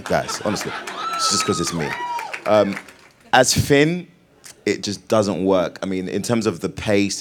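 British guy, pretty low voice, laughs a lot, keeps restarting his sentences. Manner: laughing, playful, restarts often. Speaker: actor guest. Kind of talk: animated interview answers.

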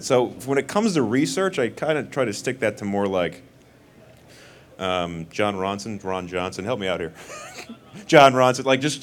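Low-voiced man rambling on a panel. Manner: rambling, filler-heavy. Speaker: actor on a film panel. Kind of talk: casual panel answers.

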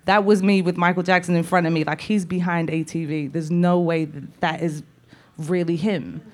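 A woman with a Liverpool accent, telling animated stories about her songwriting career in a casual interview. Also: fairly low pitch, normal speed. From England. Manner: animated, lively storyteller with laughs. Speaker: songwriter guest.

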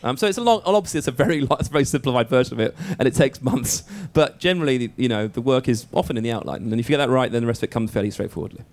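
Fast-talking man explaining his craft. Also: mid-range voice, a little mellow. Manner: quick, chatty, explanatory. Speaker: screenwriter and director guest. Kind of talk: casual panel Q&A. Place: event hall with live audience.

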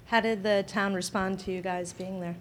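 A woman interviewing a film's cast and director, asking questions in a conversational way with quick restarts. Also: mid-range voice, fairly even intonation.

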